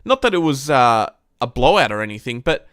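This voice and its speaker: Ranting man, lively voice. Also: mid-range voice, fairly quick, smooth, dry recording, clean studio sound. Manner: frustrated, heavy swearing, ranting; excitable, voice jumps up when worked up. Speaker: live-stream host. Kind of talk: live-stream footy review.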